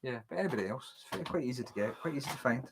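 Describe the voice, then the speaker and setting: A Scottish man co-hosting a livestream, chatting casually with quick, blunt remarks and the odd swear. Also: medium pitch, lively intonation, creaky, background noise.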